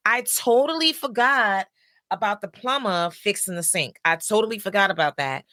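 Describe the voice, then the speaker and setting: A woman's voice: mid-range voice, normal speed, pushed and bright, no echo. A middle-aged woman, a counselor and host, telling a personal story in a chatty, casual way with lots of asides.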